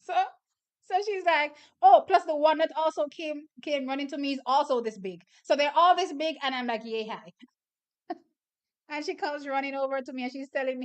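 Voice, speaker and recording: A young woman hosting a casual livestream, animated storyteller who laughs often. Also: high voice, moderate pace. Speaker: livestream host.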